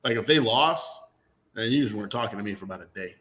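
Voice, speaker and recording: With a lowish voice and a quick pace, this thirtysomething Clemson supporter swaps humorous football tales on sports radio. He comes across as a playful, lively storyteller.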